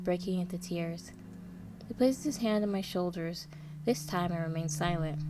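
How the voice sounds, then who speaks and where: A woman narrating a dark story in the first person, with a dramatic, tense and fearful delivery. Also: fairly low pitch, normal speed. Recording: noisy background hiss.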